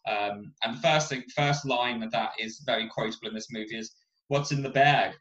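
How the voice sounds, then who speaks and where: A man's voice: fairly low pitch, a little fast, a bit bright, roomy sound, muffled recording. A man talking casually about a film, rambling with many fillers and restarts.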